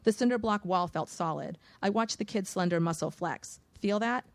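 A woman reading a first-person audiobook in a measured, vivid storytelling manner. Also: fairly low pitch, no echo. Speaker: audiobook narrator.

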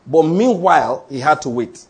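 A pastor with a husky, rather high voice preaches at a normal speed. His sermon is animated, full of jokes and anecdotes that he acts out as he goes.

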